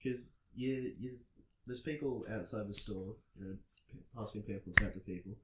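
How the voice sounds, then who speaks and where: Australian man, low voice, echoey room. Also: normal speed, noisy background. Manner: rambling storyteller, full of "like" and "bloody". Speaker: podcast host. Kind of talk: casual chat. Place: indoors at a friend's home.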